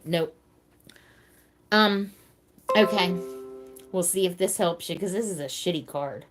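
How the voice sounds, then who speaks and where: A woman hosting a casual live stream, chatting with viewers by name and thinking out loud. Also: lowish voice, slow pace, pauses often. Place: seated at home in a wheelchair.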